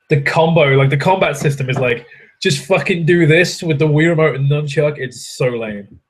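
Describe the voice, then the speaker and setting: A young adult man hosts a casual livestream from a hotel room, answering chat in a rambling way, swearing freely and poking fun at himself. His medium-pitched voice is husky, and the recording is rough.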